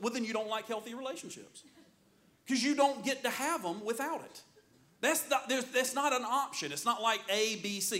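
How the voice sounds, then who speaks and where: A middle-aged man preaching a sermon as pastor, in an animated, joking storytelling manner. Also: very high-pitched, moderate pace.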